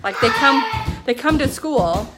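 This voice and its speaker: A woman at home, talking to her business team in a casual motivational pep talk, excited and chatty, filling her speech with "like" and "you know.". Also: a little high, a little slow, heavy background noise. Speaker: network marketing team leader. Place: at home with her kids nearby.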